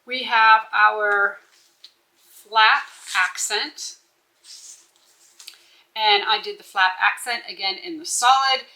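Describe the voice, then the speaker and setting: A woman's voice: medium pitch, slow pace, pauses often, bright, forceful tone, poor audio. A woman walking through a bag-making pattern step by step, instructive and checking in with the viewer as she goes. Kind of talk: step-by-step sewing tutorial.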